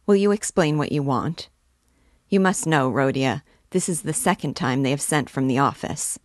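A hearty young male student who takes charge and jokes as he talks, read by a woman. The voice sits low and the sound is dry and close. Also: normal speed, dry recording, lightly acted. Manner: hearty, bossy, joking.

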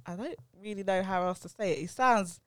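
A woman's voice: medium pitch, fairly quick, no room sound, clean studio sound. A young woman with a Cockney accent from East London, hosting a casual group chat and laughing often. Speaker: podcast host.

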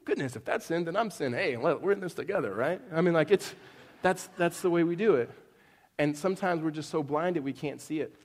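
A man's voice: fairly high pitch, a little fast. A middle-aged man preaching a sermon in a casual, conversational way, telling jokey stories and checking in with "right?" asides. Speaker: pastor. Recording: long hall reverb.

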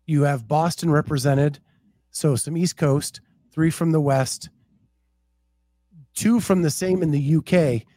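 A man's voice: fairly high pitch, unhurried, long pauses, warm tone, no room sound. A man co-hosting a casual podcast, chatting in a laid-back way and reading out viewer comments. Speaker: podcast co-host. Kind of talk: casual chat.

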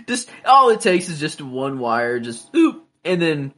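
A man's voice: fairly high pitch, sing-song, takes it slowly, bright, forceful tone. A young man casually chatting on a podcast, thinking aloud with hesitant, speculative remarks. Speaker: podcast co-host. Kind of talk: casual chat.

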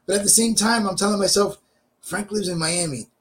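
A man's voice: sits high, brisk, poor audio. A man hosting a casual podcast who laughs often and talks to his listeners as folks. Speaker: podcast host.

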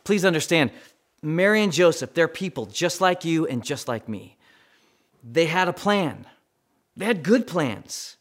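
A man preaching a sermon with dramatic swings between loud emphasis and near-whispers, acting out quoted prayers. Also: on the high side, lively intonation, unhurried. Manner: acts out quoted voices in prayers. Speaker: pastor.

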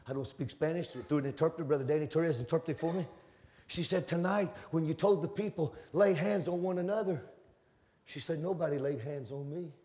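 A man preaching a fervent sermon, telling stories in a folksy way and building to shouted climaxes. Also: fairly high pitch, fairly quick. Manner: storytelling in a folksy, conversational way.

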